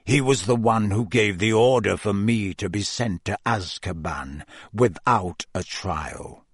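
A man's voice: slightly rough, no echo, clean studio sound. A man doing a grim, brooding wizard fugitive. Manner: low, measured and bitter.

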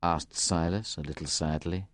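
Very deep-voiced woman reading a story. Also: steady tone, moderate pace, no echo. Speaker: narrator.

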